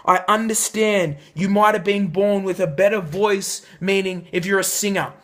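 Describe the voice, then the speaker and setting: High-voiced emphatic male coach. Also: fairly even intonation, normal speed, a bit bright. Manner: emphatic, shifts pitch for effect. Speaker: life coach. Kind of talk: motivational talk to camera.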